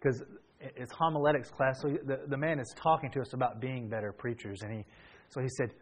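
A man's voice: mid-range voice, fairly even intonation, fairly quick. A male pastor telling a story from the pulpit in a casual, chatty way, with frequent restarts. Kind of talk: storytelling sermon.

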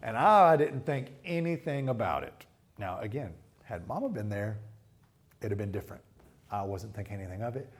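A middle-aged man preaching a sermon, telling stories and acting out quotes with lively voices. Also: on the low side, normal speed. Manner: storytelling with animated acted-out quotes. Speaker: pastor.

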